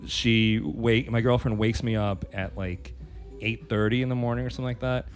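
A man's voice: medium pitch, steady tone, normal speed, soft background music. Male podcast co-host, rambling storyteller, stumbles over words, laughs a lot. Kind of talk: casual chat, telling a sex story.

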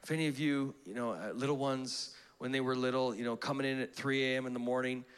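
A young adult man preaching a live church sermon, animated and playful, acting out prayers in comic voices. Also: mid-range voice, fast, clean tone. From Canada. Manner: animated, acts out prayers in funny voices, laughs often. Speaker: pastor. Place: church auditorium.

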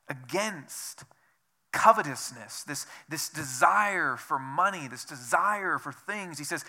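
A man's voice: a little high, expressive, takes it slowly, sharp tone. A man preaching a sermon as a pastor, earnest and repetitive, asking the listeners rhetorical questions. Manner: earnest, repeats phrases, asks rhetorical questions.

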